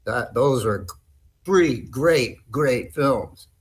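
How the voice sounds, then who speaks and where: A man's voice: medium pitch, lively intonation, very slow, husky. A man improvising an eager, fawning actor at an audition. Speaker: improv performer.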